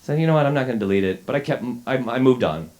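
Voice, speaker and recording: Speaking rapid-fire with lively intonation, this man has a mid-range, slightly mellow voice. He's a journalist in his forties, a little sick, telling a wry story at his own expense to a lecture-hall audience, full of fillers and restarts.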